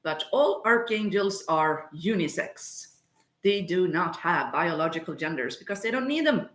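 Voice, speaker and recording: A woman talks in an unhurried, meandering way, her voice sitting a little low. She drifts between topics in a loose, chatty livestream style. The sound bounces around a hard-walled kitchen. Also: lively intonation. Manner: slow, rambling, chatty, wanders off topic. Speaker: spiritual medium livestreaming. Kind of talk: casual livestream chat. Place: home kitchen. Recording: echoey room sound.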